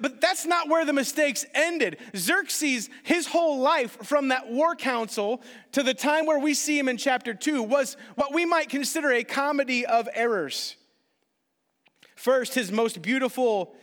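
Guy preaching, high bright voice, acts out the funny story bits, big reverb. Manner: animated storytelling, acting out quotes. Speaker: pastor. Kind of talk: sermon.

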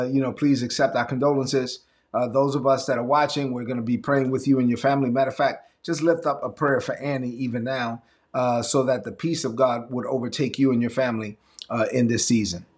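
A man preaching a sermon as pastor, conversational and emphatic with dramatic swings. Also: medium pitch.

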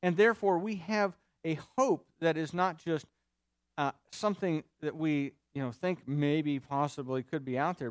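A man's voice: a little high, dry recording, studio quality. A man preaching a sermon in an earnest, explanatory way, reading scripture and then unpacking it for the congregation. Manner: earnest, explanatory, with vivid mock voices for quoted speakers. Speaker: pastor.

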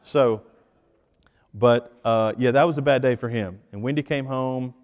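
A man preaching a sermon in a relaxed, conversational way, telling family stories with jokes and talking directly to the congregation. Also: medium pitch, measured pace. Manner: conversational, joking storyteller addressing the congregation. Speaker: pastor. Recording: long hall reverb of a church.

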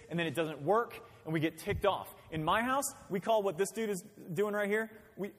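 A man's voice: sits high, moderate pace. A man pastor preaching a sermon in a conversational way, with rhetorical questions and acted-out quotes. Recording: long hall reverb.

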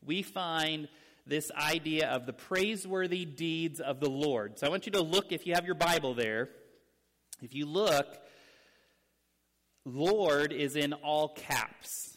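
A pastor with a fairly high, fairly bright voice gives an earnest, explanatory teaching sermon in a church sanctuary where young people are present. He speeds up and slows down for emphasis, stressing key words, and a long reverb trails each phrase.

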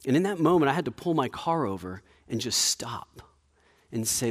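A man preaching a sermon in a conversational way, with frequent restarts, dropping to a quiet low voice for emphasis. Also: sing-song, normal speed. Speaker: pastor.

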